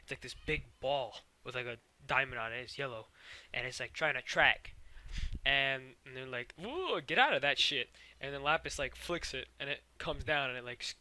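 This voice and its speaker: A man's voice: medium pitch, steady tone, normal speed, pushed and bright, no room sound. A man recapping cartoon episodes in a rambling, profane way, full of fillers and sound effects. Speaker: show recapper.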